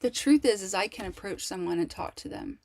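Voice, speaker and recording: A woman talking candidly to camera in a casual personal monologue, rambling and halting, with many restarts and fillers. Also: mid-range voice, lively intonation, a little mellow. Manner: candid and emotional. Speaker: vlogger.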